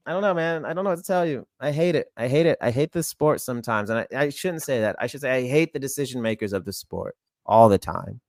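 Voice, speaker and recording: A man's voice: medium pitch, dry recording, studio quality. A man co-hosting a podcast, ranting in an exasperated, profane rush about a bad call. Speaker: podcast co-host. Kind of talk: heated ranting podcast talk.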